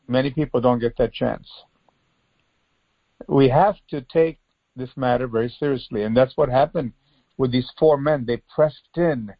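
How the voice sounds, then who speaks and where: An earnest male preacher with a gravelly, husky voice delivers a devotional sermon. He presses his listeners with pleading rhetorical questions. The recording sounds dull and lo-fi, with a dry, close sound. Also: medium pitch, animated, unhurried, dry recording.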